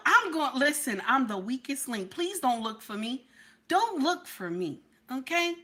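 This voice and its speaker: Animated, bright-voiced woman chatting with viewers. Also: high-pitched, normal speed. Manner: animated and playful, repeating herself with frequent "okay?"; laughs often. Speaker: livestream host. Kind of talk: casual livestream chat with viewers.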